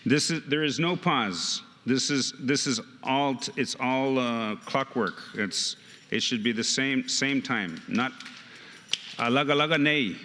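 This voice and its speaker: A man teaching a hands-on music workshop, speaking slowly and haltingly, often repeating words and counting beats aloud. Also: mid-range voice, sharp tone. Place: temple hall. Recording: temple hall reverb, faint noise.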